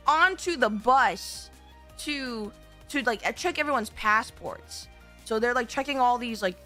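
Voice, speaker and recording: Young woman, high and bright, chatty streamer storyteller, rambling and animated, faint music underneath. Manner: animated, rambling, swears, acts out quotes. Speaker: VTuber streamer.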